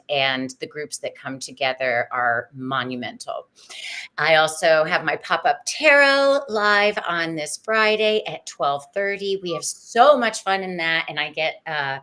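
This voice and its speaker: A woman's voice: deep voice, a bit bright. A woman hosting a podcast, talking in an effusive, spiritual, chatty way. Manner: effusive, sings her show jingle. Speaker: podcast host. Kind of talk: casual spiritual podcast chat.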